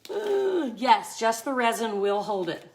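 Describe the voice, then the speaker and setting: A woman's voice: medium pitch, a little slow. Effusive Southern woman from Mississippi, talking viewers through a live resin art demo. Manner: chatty, effusive, exclaims often.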